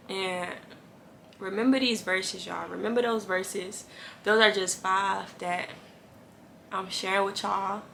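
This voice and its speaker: A woman speaks in a bright, sharp tone with a gravelly fry running through her voice. She gives a casual devotional talk straight to camera. Her delivery is earnest and emphatic, with lines repeated for weight. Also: on the low side, a little hiss or hum. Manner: earnest, encouraging, talks straight to viewers. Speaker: Christian faith vlogger.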